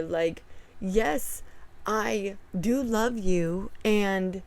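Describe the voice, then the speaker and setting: A young woman vlogger retelling a family argument in a storytime vlog, exasperated and animated, acting out both sides of the quoted dialogue. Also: mid-range voice, measured pace.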